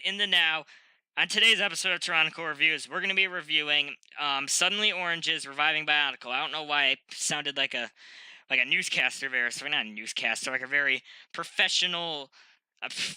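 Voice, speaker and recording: Bright, crisp-voiced young man rambling. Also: fairly high pitch, no room sound, rough recording. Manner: rambling, frequent ums and self-corrections. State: stuffy nose. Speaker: host of a review channel. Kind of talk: casual unscripted review. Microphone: desk microphone.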